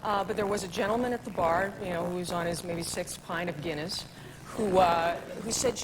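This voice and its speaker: A woman's voice: lowish voice, moderate pace. A woman from Canada, a talk show guest, telling anecdotes in casual chat and acting out the voices of people she quotes. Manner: animated storyteller, acts out quoted voices. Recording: noisy VHS tape of a TV studio.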